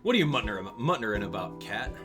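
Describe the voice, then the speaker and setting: A man's voice: fairly low pitch, very animated, quick pace, music in the background, voice pushed down. A man reading out the lines of a blustering male police inspector from a game. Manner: reading game text aloud.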